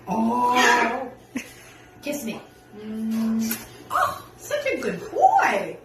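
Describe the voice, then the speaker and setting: A woman's voice: fairly high pitch, wildly swooping pitch, very slow, long pauses, over loud music. A woman coaxing her pet parrot to talk, with sing-song praise and frequent laughter. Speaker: parrot owner. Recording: echoey room, far from mic, loud noise.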